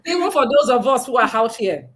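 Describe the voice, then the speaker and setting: A woman's voice: on the high side, animated, fairly quick. A woman hosting a virtual book launch interview over a video call, encouraging and laughing often. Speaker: host.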